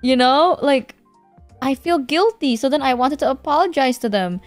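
A woman's voice: high-pitched, moderate pace, dry recording, soft background music. Young woman streamer rambling with fillers. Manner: rambling, filler-heavy, swears freely; animated, laughs through her words. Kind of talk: casual storytelling on a stream.

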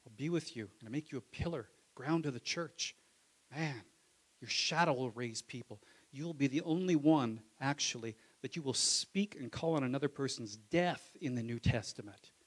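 A husky-voiced male pastor speaks at normal speed in a mid-range register. He gives his sermon conversationally, acting out voices from scripture and veering between gentle asides and loud calls.

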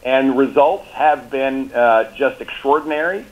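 A man's voice: mid-range voice, unhurried, rough recording. A man, a governor, being interviewed on talk radio, confident and upbeat, repeating words as he restarts his talking points. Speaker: governor, guest. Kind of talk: political interview by phone or remote.

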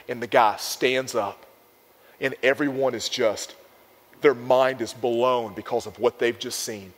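A young man preaching a sermon to a youth group, energetic and emphatic, repeating phrases for effect. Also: mid-range voice, a little slow, long reverb tail. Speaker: youth pastor.

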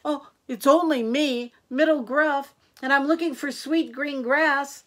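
An older woman doing a middle-sized billy goat from a storybook who thinks he can outsmart the troll. The voice rides above her usual pitch, loud and bright. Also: fairly even intonation, measured pace. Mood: coaxing.

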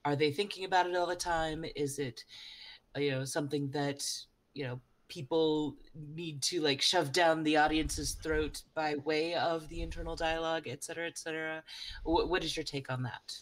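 A woman moderating an online panel discussion, feeling her way through long questions with frequent ums and restarts. Her voice is deep for a woman. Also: steady tone, moderate pace. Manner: hesitant, many ums and restarts while framing questions.

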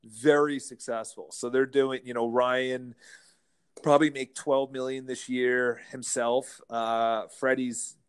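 Man telling animated anecdotes. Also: mid-range voice, slow pace, clear, resonant tone. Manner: animated anecdotes, playful mimicking of others. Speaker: real estate brokerage founder, guest. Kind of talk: casual interview storytelling.

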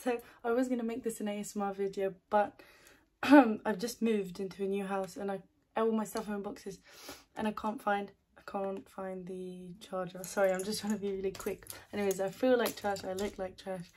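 A woman's voice: medium pitch, flat delivery, moderate pace, darkish tone, a little hiss or hum. A woman chatting casually at home as she tastes snacks, bubbly and giggly, gushing and often laughing, not on her usual ASMR mic. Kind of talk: casual chat tasting snacks. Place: her new house, indoors.

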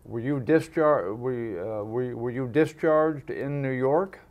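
A man's voice: medium pitch, slow pace, dull audio. A man interviewing an elderly veteran for an oral history project, asking hesitant, prompting questions with many restarts.

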